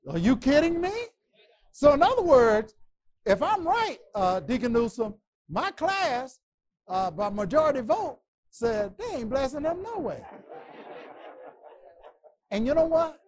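Impassioned, husky male preacher. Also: extremely high pitch. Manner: impassioned, stammering repetitions, rising to shouts. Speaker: Bible class teacher. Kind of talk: preaching Bible lesson.

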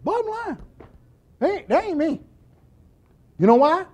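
High, lively-voiced preaching deacon. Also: male voice, a little slow. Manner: animated, acts out scenes with quoted voices, jokes and laughs. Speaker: church deacon teaching a class. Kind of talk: humorous Bible teaching.

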